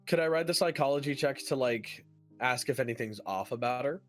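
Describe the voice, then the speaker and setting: Quick-talking man player. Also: mid-range voice, faint music behind. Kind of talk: casual chat.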